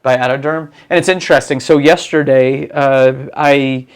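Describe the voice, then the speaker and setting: A man co-hosting a casual dermatology chat, talking haltingly with frequent restarts and chuckles. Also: medium pitch, fairly even intonation, clear, resonant tone. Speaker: dermatologist co-host.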